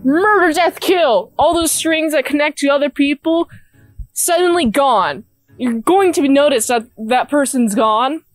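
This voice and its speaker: A woman reviewing a movie in a casual, rambling way, with sarcastic asides and mocking quotes. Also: high-pitched. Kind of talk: casual spoken movie recap.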